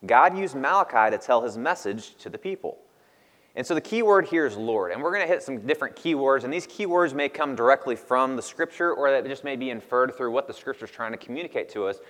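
A man in his thirties delivers a laid-back, conversational sermon in a medium-pitched voice. His speech carries a long reverb tail from a large hall. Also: expressive, fairly quick, a bit bright. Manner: casual, conversational, laughs often. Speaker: pastor.

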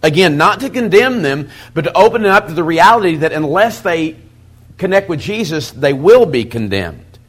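Folksy, animated middle-aged male preacher. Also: on the high side, moderate pace, husky. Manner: folksy, animated storytelling with quoted asides. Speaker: pastor teaching a Bible study method. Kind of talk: sermon-style teaching talk.

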